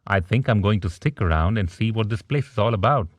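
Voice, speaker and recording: A man's voice: on the low side, brisk, no room sound, lightly acted. A man reading an audiobook, voicing a polite, slightly hesitant young man starting a new job. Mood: earnest. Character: eager young male new hire. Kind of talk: audiobook character voice.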